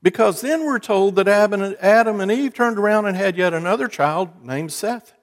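A man's voice: high voice, moderate pace. Folksy preacher man in a reverberant hall. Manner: folksy storytelling, wry asides to the congregation. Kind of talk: sermon with jokes.

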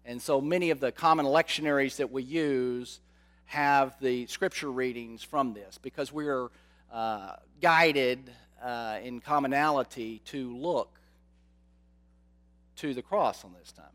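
A man preaching a sermon, slow and dramatic, often asking his listeners rhetorical questions. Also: mid-range voice, a bit bright.

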